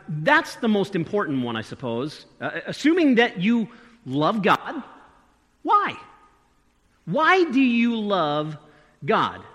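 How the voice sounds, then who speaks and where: A man's voice: high-pitched, a bit bright, in a large hall. A man preaching a sermon as pastor, earnest, often repeating a word and shifting his emphasis. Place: church sanctuary.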